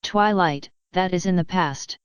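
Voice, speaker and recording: A woman's voice: on the low side, unhurried, clear, resonant tone, no room sound, lightly acted. A woman voicing a regal, once-warlike pony princess who speaks formally, in a storybook reading. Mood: gentle. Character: stern warrior pony princess, commanding yet tender.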